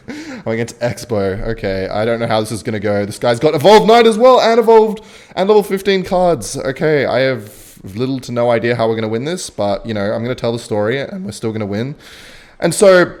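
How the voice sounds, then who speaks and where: His medium-pitched voice is sing-song and fairly quick: a young gaming streamer from Western Australia, cursing his way through a rambling tale mid-game and murmuring under his breath about his plays.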